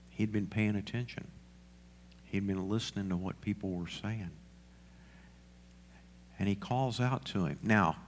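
A man's voice: lowish voice, slight background noise. A male pastor preaching a sermon, asking the congregation questions and repeating lines for emphasis.

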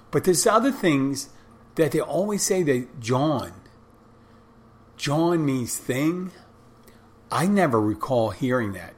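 A middle-aged man, talking casually and rambling in a folksy, profane way. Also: mid-range voice. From Philadelphia, Northeast. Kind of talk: casual monologue.

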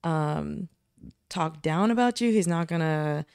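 A young woman co-hosting a casual faith podcast, talking in an animated way with lots of "like" fillers. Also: low voice, takes it slowly, clean tone, no room sound, studio quality. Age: young adult. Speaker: podcast co-host.

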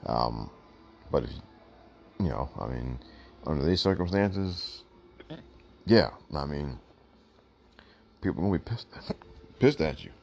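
A man's voice: very deep voice, animated, slow pace, vocal fry, pauses often. A man hosting his own show, giving blunt, emphatic opinions and often repeating "look" to drive points home, while fighting the hiccups. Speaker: podcast host. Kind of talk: opinionated solo commentary.

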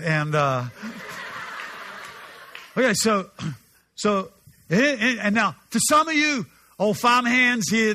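A male preacher tells a story from the pulpit in a high, bright voice that swings widely in pitch. He is animated and humorous, stumbling and restarting his phrases as he goes. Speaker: pastor. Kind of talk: sermon storytelling.

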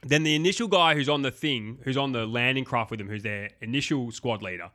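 Bright-voiced man, animated podcast chat. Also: mid-range voice, brisk. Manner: animated, acts out movie lines, swears freely. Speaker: podcast co-host. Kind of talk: casual film review chat.

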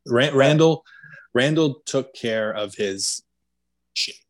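A man's voice: medium pitch, slow. A man hosting a casual chat, prompting his guest for stories with easygoing remarks. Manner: brief backchannels and easygoing prompts.

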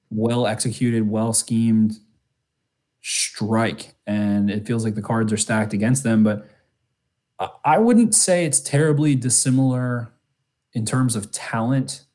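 Low-pitched guy on a football podcast, rambly, keeps restarting sentences. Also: darkish tone. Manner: rambling, many restarts and fillers. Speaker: podcast co-host. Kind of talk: casual sports chat.

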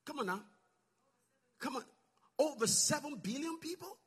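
A male preacher delivering a sermon, calling out to the congregation and swinging from shouting to soft, low asides. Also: expressive, moderate pace. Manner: call-and-response, swings from shouting to near-whisper.

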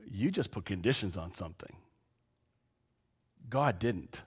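A pastor preaching a sermon, swinging between loud, exasperated outbursts and quiet, low asides. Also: male voice, expressive, unhurried, husky. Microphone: lapel mic.

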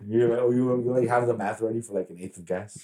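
A man's voice: mid-range voice, fast talker, dark tone, echoey room. A man co-hosting a podcast, telling rambling, profane stories in casual chat, full of fillers. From Mexican heritage. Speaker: podcast co-host.

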